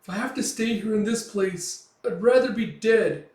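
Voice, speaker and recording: A man's voice: sits high, normal speed, a little mellow, voice pushed up, close to an everyday voice. A man voicing a panicked young noble girl who screams hysterically, in a roomy echo from a distant mic.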